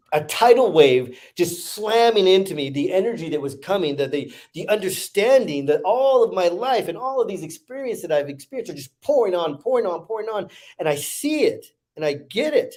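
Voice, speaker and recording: A man's voice: sits high, lively intonation, moderate pace, darkish tone. Earnest man telling a heartfelt story. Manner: earnest, repeats phrases. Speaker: podcast guest. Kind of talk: emotional storytelling.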